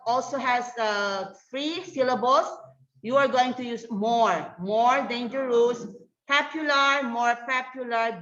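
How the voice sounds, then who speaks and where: Woman teacher, slightly high voice, slow and repetitive delivery, echoey classroom, lo-fi sound. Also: fairly bright tone. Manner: slow, repetitive, checks understanding with "okay?". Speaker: English teacher. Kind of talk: grammar lesson to a hybrid class. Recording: dull roomy classroom recording.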